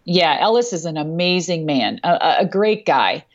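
A woman's voice: sits low, expressive, moderate pace, dull audio. Blunt, salty-tongued woman host. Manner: blunt and salty, swears freely, laughs often. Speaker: show host and former wrestler. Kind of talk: casual chat.

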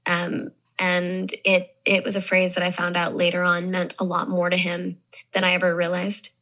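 A woman's voice: lowish voice, completely flat delivery, moderate pace, fairly bright tone, poor audio. A young woman from the American South, an actress talking casually and reflectively in an interview. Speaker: actress guest.

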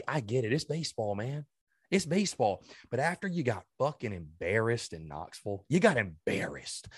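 A man hosting a sports podcast, furious and ranting, swearing and stammering as he vents, swinging between loud outbursts and low mutters. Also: slightly rough, dry recording, clean studio sound. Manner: heated and ranting, swearing, with many stammered restarts. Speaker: podcast host. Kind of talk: sports fan rant.

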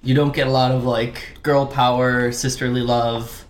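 A man's voice: mid-range voice, little pitch movement, normal speed. A man co-hosting a podcast in a casual chat about musical theatre, easygoing and agreeable, with dry little jokes. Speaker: podcast co-host. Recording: echoey room, faint background noise.

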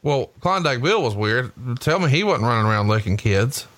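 A man's voice: medium pitch, big pitch swings, normal speed, fairly bright tone, dry recording. A man from Alabama, co-hosting a casual wrestling chat, joking and swearing a lot. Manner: profane, jokey, laughs a lot. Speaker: wrestling podcast co-host.

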